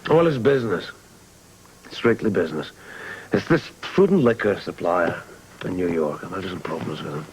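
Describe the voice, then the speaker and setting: An actor playing a secretive husband and club owner in a 1980s soap opera, defensive and placating. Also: male voice, low-pitched, lively intonation, moderate pace, darkish tone, husky, heavily acted, low-quality recording. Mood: evasive. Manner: defensive, placating, soothing apologies.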